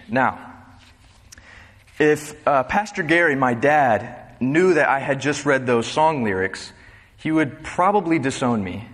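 A man's voice: medium pitch, expressive, unhurried, fairly bright tone. A young man leading a Bible study as a preacher, joking at times and repeating key phrases for emphasis. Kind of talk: sermon. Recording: long reverb of a hall.

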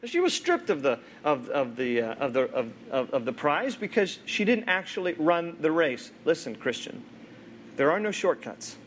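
A man preaching a sermon as pastor, expressive, moving between lively storytelling and hushed, earnest appeals to the church. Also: on the high side, normal speed, slight background noise.

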